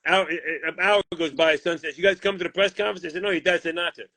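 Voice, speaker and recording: A man's voice: high voice, fast talker, dry recording. A man, a boxing manager, bluntly retelling a deal gone wrong with lots of swearing and quoted back-and-forth. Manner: profane, blunt, animated retelling with quoted voices. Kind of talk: heated storytelling interview.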